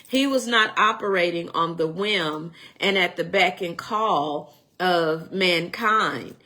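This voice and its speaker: Woman, middle-aged, lowish voice, chatty Bible teacher, digresses and jokes. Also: slow, bright, forceful tone. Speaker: Sunday school teacher. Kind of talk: casual Bible lesson.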